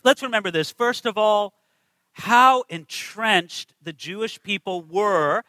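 Male preacher, very high voice, dry close sound, emphatic sermon delivery, rhetorical questions. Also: pushed and bright, no echo, low-quality recording.

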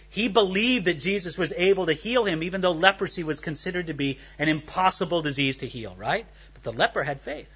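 A man's voice: sits high, sharp tone, muffled recording. A man preaching an expository sermon, reading scripture aloud and explaining it verse by verse, acting out the voices in the text. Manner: reads scripture then explains it, dramatizes the speakers. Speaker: pastor.

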